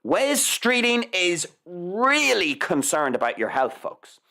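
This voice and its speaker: A woman's voice: on the low side, very animated, takes it slowly, bright, forceful tone. A woman hosting a live news commentary show, reading articles aloud with sarcastic, mocking asides and free swearing. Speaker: show host.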